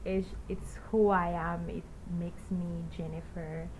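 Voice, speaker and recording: A young woman with a Creole-tinged accent speaks in a slightly low voice. She talks haltingly, restarting her sentences often. A faint rumble sits under the recording. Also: little pitch movement, darkish tone, rough recording. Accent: Haitian Creole-influenced. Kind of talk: casual discussion.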